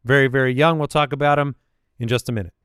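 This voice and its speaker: Smooth-voiced man reciting football stats. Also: mid-range voice, fairly even intonation, a bit bright, no room sound, studio quality. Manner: rattles off stats in a measured, confident way. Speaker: fantasy football podcast host. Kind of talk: casual sports analysis chat.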